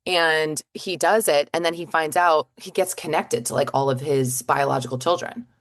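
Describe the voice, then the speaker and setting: A woman co-hosting a podcast, telling stories in casual chat with quick asides and lots of fillers. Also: low voice, no echo, clean studio sound. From northeastern United States. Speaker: podcast co-host.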